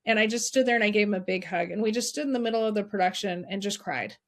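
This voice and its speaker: A woman's voice: mid-range voice, fast talker. Woman, middle-aged, podcast guest, earnest, encouraging, heartfelt storytelling. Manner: earnest, encouraging, repeats key phrases. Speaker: guest, suicide prevention advocate.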